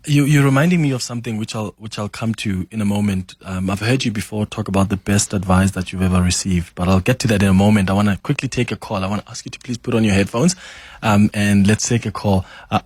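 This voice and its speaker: A man's voice: fairly low pitch, dry recording. A South African man hosting a radio talk show, encouraging his guest and taking calls in the studio. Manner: warm, encouraging, affirming interjections. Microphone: studio mic.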